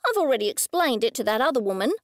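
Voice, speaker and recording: A woman's voice: sits high, lively intonation, moderate pace, dry recording, clean studio sound. A woman voicing a rude, overbearing middle-aged woman who snaps and demands, in an audiobook. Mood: snappish. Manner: snappish, demanding.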